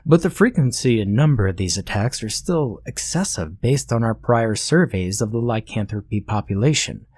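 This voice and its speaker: A man's voice: lowish voice, lively intonation, normal speed, hardly any pauses, a little mellow, no echo. A man voicing a young, pompous but polite royal scholar who talks formally and stammers with fillers. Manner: formal, courteous diction.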